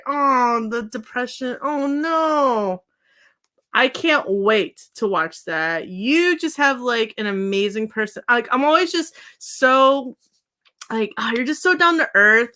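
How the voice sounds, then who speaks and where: A woman's voice: on the high side, sharp tone. A young woman hosting a casual beauty livestream, rambling effusively to her viewers and laughing often.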